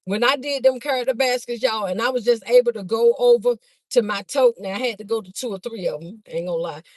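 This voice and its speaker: Fast-chatting woman livestreaming, out of breath. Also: a little high, no room sound. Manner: chatty, talks fast to viewers, calls them "y'all". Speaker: livestream host and vendor. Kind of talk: casual livestream chat to viewers. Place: moving between a car, a garage and a house. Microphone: phone held by hand.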